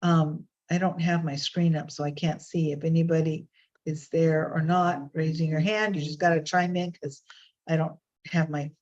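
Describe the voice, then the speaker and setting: A woman with a deep, darkish voice talks at a moderate pace with flat delivery. Hosting a casual online reflection with readings via webcam on a video call, she meanders chattily with fillers and restarts; the lo-fi sound is slightly dull.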